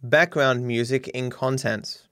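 A man's voice: mid-range voice, fairly even intonation, slow pace, fairly bright tone. A man rambling casually as a streamer, swearing freely and often restarting his sentences. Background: faint chill hop music.

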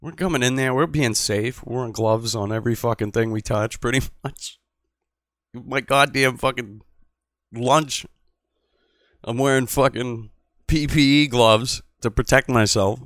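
Brief: brash male call-in host, bright forceful voice, profane rambling delivery, dry close sound. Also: mid-range voice, measured pace, no room sound. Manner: rambling, profane, swings from mutter to loud. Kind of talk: profane casual call-in show.

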